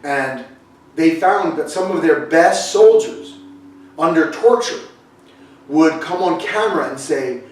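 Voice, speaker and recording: Older pastor in an echoey hall. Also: male voice, on the high side, lively intonation, measured pace, recorded from a distance. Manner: storytelling, chatty asides and restarts. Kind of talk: conversational sermon. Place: church sanctuary, echoey room. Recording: echoey room, voice from off-mic.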